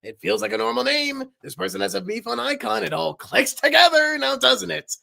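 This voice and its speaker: A woman's voice: on the high side, animated, a little fast, vocal fry, pushed and bright, voice pushed up, heavily acted. Smug, sarcastic cartoon knife, dry delivery, played by a woman.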